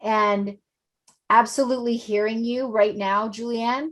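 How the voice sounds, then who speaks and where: A woman's voice: on the high side, steady tone, measured pace, fairly bright tone. A woman hosting an online event, gushing and effusive, repeating her praise. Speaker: event host.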